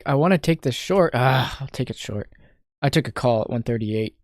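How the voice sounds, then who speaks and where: A man's voice: mid-range voice, expressive, moderate pace, no room sound, clean studio sound. A young man from Canada streaming his day trading, thinking aloud and muttering in frustration, swearing now and then. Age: young adult. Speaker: day trader streaming live. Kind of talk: casual live-stream commentary.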